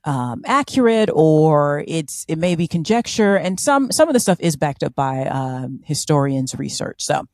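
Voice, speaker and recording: A woman co-hosting a podcast, chatting casually and telling a story in an animated, playful way. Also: low voice, unhurried, few pauses, no echo, studio quality. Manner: animated, playful, fond of silly voices. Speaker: podcast co-host.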